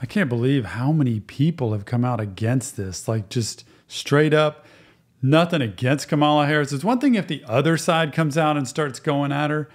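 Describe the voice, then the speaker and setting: A man's voice: fairly high pitch, animated, normal speed. A man who works as a therapist, hosting a casual reaction show and giving earnest advice. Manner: earnest, advising.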